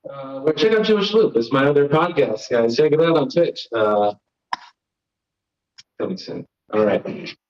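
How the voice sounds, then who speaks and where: Rambling young stand-up comic, lo-fi stream. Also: male voice, on the high side, animated, unhurried, long pauses. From Florida. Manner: rambling, self-deprecating, riffs with the crowd. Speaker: stand-up comedian and host. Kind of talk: live stand-up set. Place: comedy stage. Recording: lo-fi live stream audio.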